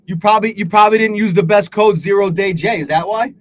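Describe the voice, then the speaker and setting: This live trading stream host has a high-pitched voice and talks fast. He rambles and curses, beats himself up, and says hello to chatters by name.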